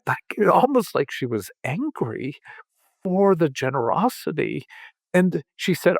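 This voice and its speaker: An older man talking slowly in a reflective conversation, halting and restarting, with sudden lifts in pitch. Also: animated, gravelly, no room sound, clean studio sound. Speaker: podcast host.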